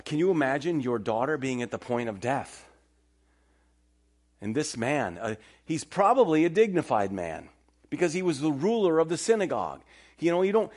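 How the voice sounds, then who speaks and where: A man's voice: fairly high pitch, husky. A middle-aged man preaching a sermon as pastor, telling stories with animation and joking with the congregation. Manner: animated storytelling, banter with the congregation.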